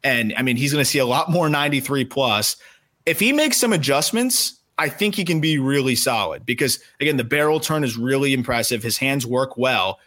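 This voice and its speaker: Podcast guy, bright forceful voice, casual chat, keeps restarting his sentences. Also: mid-range voice, lively intonation. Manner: quick, analytical, many restarts and fillers. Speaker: podcast co-host, prospect analyst.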